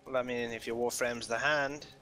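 A man's voice: mid-range voice, steady tone, moderate pace, sharp tone. A young man teasing his friend in dry banter while they play a game together. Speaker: co-player. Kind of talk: casual gaming chat. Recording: game gunfire and noise behind.

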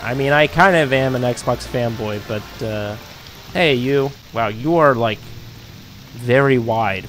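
A man giving excitable, riffing commentary on a video game he is playing. His voice sits at a middling pitch and leaps up whenever something surprises him. Game music plays clearly behind him. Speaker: gaming YouTuber. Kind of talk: let's-play commentary.

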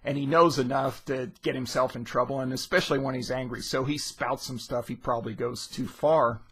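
A man's voice: medium pitch, fairly even intonation, a little fast, a bit bright, husky. A man teaching literature in a casual, conversational lesson, retelling scenes with rising emphasis.

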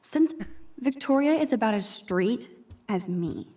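A woman's voice: a little high, lively intonation, unhurried, warm tone. An actress voicing a dry, sardonic teenage girl student in a video game. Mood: wry. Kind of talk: game character dialogue.

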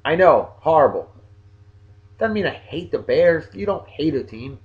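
A man's voice: fairly high pitch, big pitch swings, measured pace, narrow, tinny audio. A man with a New England accent hosting a casual video blog, joking as he talks straight to his viewers. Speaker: vlog host giving shout-outs.

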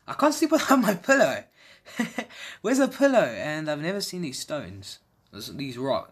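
A man giving casual, excitable reaction commentary as a video creator, repeating his exclamations and laughing often. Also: medium pitch. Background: faint background music.

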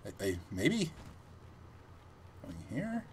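A man giving casual gameplay commentary, chatty and thinking aloud as he plays, with animated reactions. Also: medium pitch, extremely slow, slight background noise.

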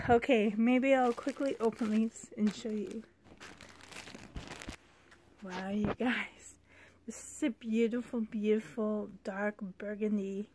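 A young woman talks slowly through an unboxing at home, her voice a touch high. She gushes with delighted exclamations as she shows off each gift. A faint hiss sits behind her voice. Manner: gushing, excited exclamations. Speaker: vlogger. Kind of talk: unboxing vlog chat.

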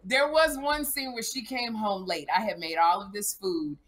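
A middle-aged woman co-hosts a casual comedy podcast in a middle-range voice. She tells her stories with lively energy. She jumps into loud, acted-out quotes as she goes. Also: mid-range voice, normal speed. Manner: animated storyteller, acts out quotes loudly. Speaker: podcast co-host.

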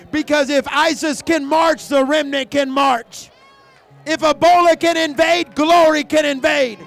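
Male evangelist, very high voice, gravelly edge, shouted repeated phrases, speaking in tongues. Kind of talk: charismatic sermon prayer. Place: church conference hall.

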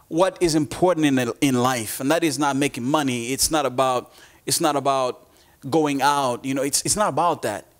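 A man preaching a sermon, earnest, often repeating words and acting out voices he quotes. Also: on the high side.

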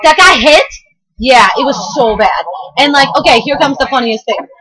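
A woman's voice: high-pitched, expressive, normal speed, a crowd in the background, low-quality recording. A young female gamer rambling through let's play commentary with lots of fillers.

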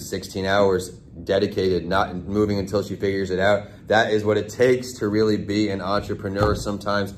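A man hosts a podcast interview in a fairly low voice. He asks his questions casually and reads the show's closing plugs in a brisk, upbeat way. Faint noise sits under his voice. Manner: upbeat, promotional sign-off delivery. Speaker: podcast host.

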